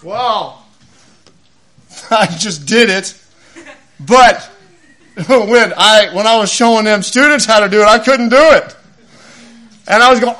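Folksy high-voiced preacher man in his fifties. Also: takes it slowly, pauses often. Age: 50s. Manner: folksy, animated storytelling with acted-out quotes. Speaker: lay preacher. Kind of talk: sermon.

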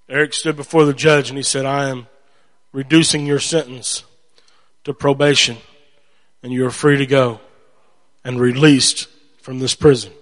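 A man preaches with lively storytelling energy, acting out voices as he goes. His voice sits a little high for a man. The sound carries a long reverb from a large hall. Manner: animated storytelling, acts out voices. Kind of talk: sermon.

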